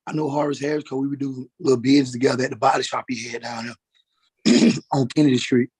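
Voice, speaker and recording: A man testifying as a witness in a courtroom, halting and repeating words as he goes. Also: mid-range voice, fairly even intonation, a little mellow, husky. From Atlanta, Georgia, US.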